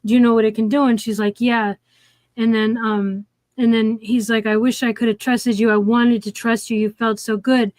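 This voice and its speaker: Female co-host, slightly high voice, rambling plot recap, dry close mic sound. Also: little pitch movement, moderate pace, darkish tone, no room sound. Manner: rambling, lots of "like" and "um", restarts. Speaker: co-host of a movie review stream. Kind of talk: casual chat retelling a film plot.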